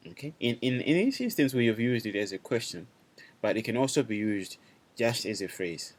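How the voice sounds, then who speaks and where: A man's voice: medium pitch, big pitch swings, normal speed. A man teaching a language class online, talking loosely, repeating himself and checking in with his students.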